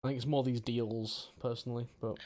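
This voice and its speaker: A man streaming a detective board game, chatting casually and reading the case text aloud in a relaxed, jokey way. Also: medium pitch, fairly quick.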